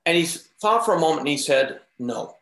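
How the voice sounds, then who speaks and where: Lively man telling stories, roomy echo. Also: a little high, fast talker. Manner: animated, acts out the voices in his stories. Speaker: interview guest. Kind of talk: casual storytelling.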